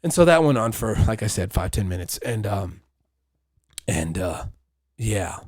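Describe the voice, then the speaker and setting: A man's voice: on the low side, big pitch swings, unhurried, no echo, studio quality. A man hosting a podcast, telling stories in a casual, profane, rambling monologue with frequent laughter. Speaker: podcast host.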